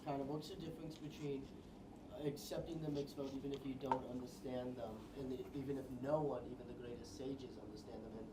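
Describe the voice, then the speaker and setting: A male student asks a hesitant question from the back of a classroom. He sounds faint and far from the mic, with an echoey room and loud background noise around him, and his voice stays flat. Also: medium pitch, a little fast. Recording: distant, roomy, noisy classroom audio.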